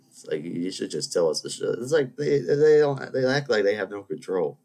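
A man's voice: lowish voice, big pitch swings, normal speed, vocal fry, mellow. A young adult man hosting a podcast, telling meandering personal stories full of restarts and asides. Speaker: podcast host. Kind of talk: rambling anecdotal storytelling.

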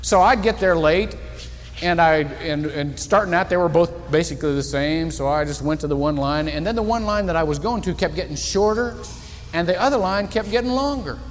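A man's voice: brisk, in a large hall. A man preaching a sermon as pastor, telling a story and acting out the people in it. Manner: storytelling, acts out the people in his story with animated shifts in pitch and volume. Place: church sanctuary.

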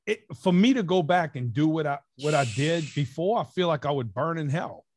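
A man's voice: on the high side, lively intonation, normal speed, darkish tone. A man co-hosting a casual podcast chat, argumentative and loose, leaning on fillers like "like" and "you know".

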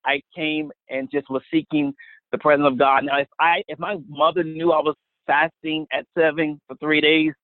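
A man's voice: a little high, flat delivery, normal speed, dry recording. A man telling a personal faith testimony as a guest, earnest and storytelling, often repeating words. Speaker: guest minister. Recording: phone-line sound, dry.

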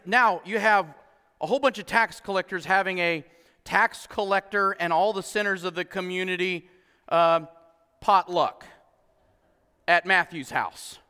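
Male pastor, animated sermon, high voice, long hall reverb. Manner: animated, acts out voices, laughs often.

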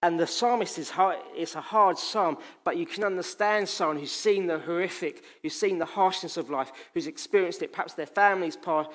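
Impassioned male preacher, slightly high voice. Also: fairly quick, hardly any pauses. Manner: impassioned, emphatic, repetitive. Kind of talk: sermon.

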